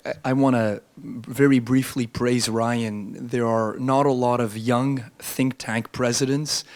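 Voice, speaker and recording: A man who has lost his voice speaking as a panelist, wry and combative, before a room audience. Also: medium pitch. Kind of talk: panel speech. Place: club meeting room, audience present.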